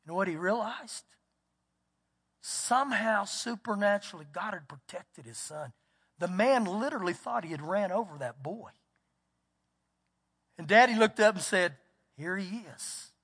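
A man's voice: sits high, expressive, moderate pace, long pauses, a bit bright, slightly rough. A man, a pastor preaching an emphatic sermon and telling a story, repeating words for stress. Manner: storytelling, acts out quotes. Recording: long reverb of a church hall.

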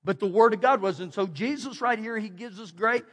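A middle-aged Texan pastor with a fairly high voice preaches in a folksy, animated way, doubling his phrases as he tells a story. His voice rings with a long reverb from a large church hall. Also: brisk. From Texas. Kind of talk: storytelling sermon. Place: church sanctuary.

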